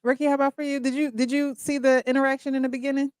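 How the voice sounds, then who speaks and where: An upbeat woman hosting a casual chat show over a video call. She turns from guest to guest with quick questions. The sound is dry and close. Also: high voice, level tone, no room sound. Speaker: host.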